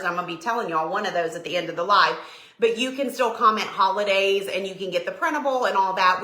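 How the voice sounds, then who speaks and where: Southern woman, middle-aged, bright and chatty live-stream host, roomy echo. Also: mid-range voice. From Tennessee, USA. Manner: bubbly, chatty, greets viewers by name. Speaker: decor business owner hosting a live stream. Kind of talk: casual live-stream chat. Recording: echoey room.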